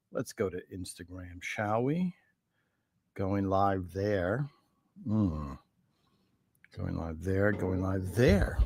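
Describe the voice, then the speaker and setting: A man's voice: mid-range voice, a bit bright, no room sound. Rambling, enthusiastic male live-stream host. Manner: rambling, enthusiastic, talks to himself between greetings. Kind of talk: live-stream chat greeting viewers.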